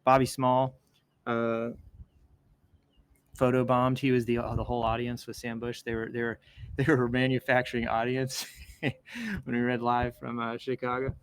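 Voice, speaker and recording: A man's voice: medium pitch, monotone, moderate pace, pauses often, clear, resonant tone, low-quality recording. A man hosting a casual show, reading posts aloud and wandering off into enthusiastic personal asides. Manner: meandering, self-interrupting, enthusiastic asides. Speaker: host reading social media posts. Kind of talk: casual rambling commentary.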